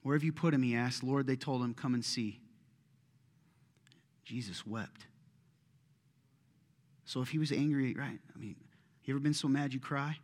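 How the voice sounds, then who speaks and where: Guy preaching, goes quiet then real loud, mid pitch, echoey church hall. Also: moderate pace, pauses often. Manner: expressive, swings from hushed to loud and pleading. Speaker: pastor. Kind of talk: sermon.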